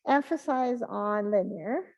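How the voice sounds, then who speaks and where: A woman giving a math exam review in an online class, talking in a halting way and thinking aloud with many pauses and fillers. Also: medium pitch, lively intonation, a little mellow, dull audio. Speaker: math instructor.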